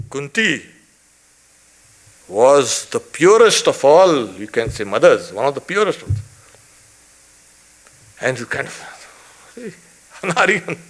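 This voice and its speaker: A man, a swami, teaches a scripture class in an unhurried, deliberate way. His voice moves with lively swings of pitch. He presses his points with rhetorical questions and breaks off now and then for a short aside. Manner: emphatic, rhetorical questions, frequent "you can say" asides. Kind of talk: scripture lecture.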